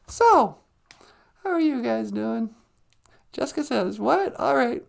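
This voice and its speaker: A man doing a high, creaky, gossipy trickster host. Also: sing-song, takes it slowly, full character voice. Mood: chatty. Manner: rambling, opinionated, mocks and laughs. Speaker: live stream host. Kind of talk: live stream chat in a put-on character voice.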